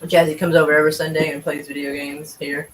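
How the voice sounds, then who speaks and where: A man's voice: on the high side, little pitch movement, fast talker, low-quality recording. A man chatting casually and at length, rambling and swearing freely. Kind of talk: casual chat.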